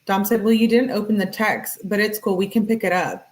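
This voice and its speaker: A woman covering a true-crime case reads a couple's text messages aloud, brisk and matter-of-fact, noting who sent each one. Her voice sits at medium pitch with fairly even intonation, and she speaks directly to viewers in chat.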